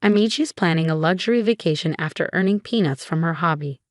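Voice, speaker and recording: A woman reading the lines of a meddling, scornful older mother-in-law in an even, flat delivery. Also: fairly low pitch, fast talker, no echo, clean studio sound, lightly acted.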